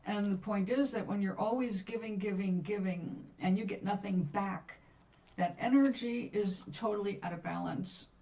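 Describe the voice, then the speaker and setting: Reading cards during a laid-back live stream, this woman chats with viewers at an unhurried pace, leaving long pauses. Her mid-range voice comes across as soothing, picked up from a somewhat distant mic with faint background ambience.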